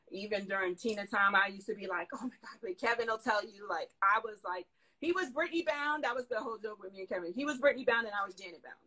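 A woman telling a lively story in a casual interview, excitable and full of slangy asides. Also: medium pitch, low-quality recording. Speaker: guest dancer and choreographer.

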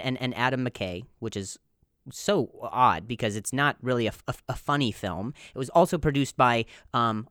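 A man's voice: medium pitch, fairly bright tone, dry recording. Twenties guy rambling and stuttering thru jokes, self-deprecating, dry close mic. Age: 20s. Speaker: podcast host. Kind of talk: stand-up style solo comedy podcast.

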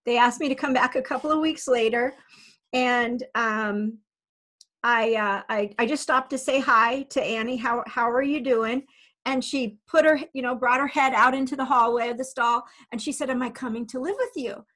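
A woman who works as an animal communicator, telling a story in a lively, chatty way and laughing often. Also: on the high side, moderate pace. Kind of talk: storytelling in casual chat.

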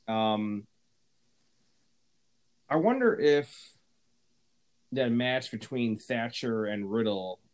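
A man co-hosting a podcast, talking bluntly and profanely in casual, quick bursts. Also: mid-range voice, lively intonation. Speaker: podcast co-host.

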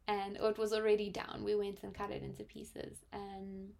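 A woman in her twenties with a South African accent, telling a personal story reflectively, with frequent pauses and fillers. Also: mid-range voice, fairly even intonation, gravelly. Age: 20s. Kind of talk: personal testimony.

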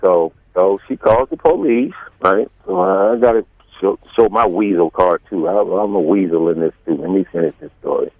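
A man's voice: low-pitched, normal speed, dry recording. A man telling a long story as a guest, rambling with many fillers and restarts and acting out quotes, over a tinny phone-like line. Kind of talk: storytelling in an interview.

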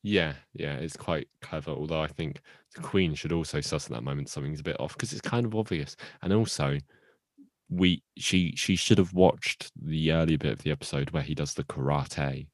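A man's voice: very deep voice, moderate pace, no echo. A man co-hosting a podcast, reviewing a TV episode in casual chat with dry, teasing jokes. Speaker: podcast co-host.

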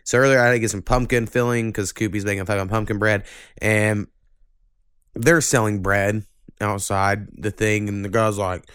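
A man hosting a casual podcast, ranting and swearing freely, getting animated when annoyed. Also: on the low side, normal speed, smooth, no room sound, studio quality. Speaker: podcast host.

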